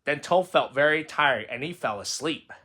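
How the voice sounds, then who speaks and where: A man narrates a children's storybook aloud, his reading expressive and lilting. His voice sits high, with a bright, sharp tone and lively ups and downs. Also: normal speed, breathy edge. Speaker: storybook reader.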